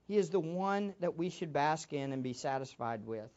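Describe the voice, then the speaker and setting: A man's voice: on the high side, expressive, moderate pace, hardly any pauses, darkish tone, dull audio. A man preaching a sermon as a pastor, emphatic, with much repetition for stress.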